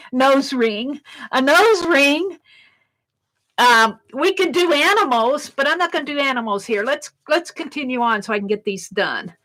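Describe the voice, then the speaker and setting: A woman hosting a casual craft livestream, chatting and laughing at her own drawing as she works, sometimes dropping to a soft murmur. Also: high voice, animated, moderate pace, rough recording.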